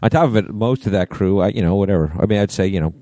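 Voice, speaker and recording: A man with a very deep, mellow voice co-hosts a podcast. He teases dryly and keeps up a running stream of short agreements. The sound is close and dry. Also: fast, no room sound. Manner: dry, teasing, lots of short agreeing replies. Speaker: podcast co-host. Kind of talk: casual chat. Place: hotel room.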